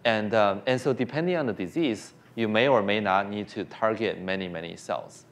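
A man's voice: on the low side, normal speed. A man giving a science lecture and answering questions, hesitant with frequent fillers and restarts. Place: lecture hall.

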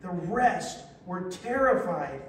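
Heard from a distance in a heavily echoing sanctuary with a faint hiss, the high-voiced, bright-toned pastor speaks slowly as he reads from scripture. He keeps pausing for call-and-response with the congregation, exclaiming energetically and teasing the room.

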